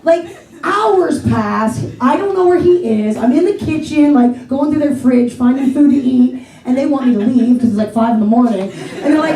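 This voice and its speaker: A woman's voice: high-pitched, normal speed. A woman of forty from the Pittsburgh area doing a brash, self-mocking stand-up set on a theater stage. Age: 40s. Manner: brash, self-mocking, swings into loud exclamations. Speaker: stand-up comedian. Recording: echoey room from far, crowd laughter.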